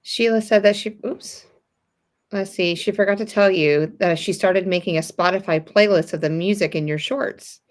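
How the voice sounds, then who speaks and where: A woman's voice: mid-range voice, normal speed. A woman in casual conversation as co-host of a sewing livestream. She talks in a mid-range voice, chatty and encouraging. She reads viewer comments aloud as she goes. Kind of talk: casual chat.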